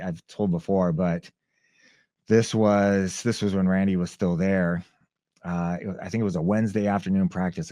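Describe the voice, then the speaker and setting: Low-voiced, with no echo in the recording, a man who used to fight tells a lively story in conversation on a podcast. He performs the other characters' voices, mimicking their shouts.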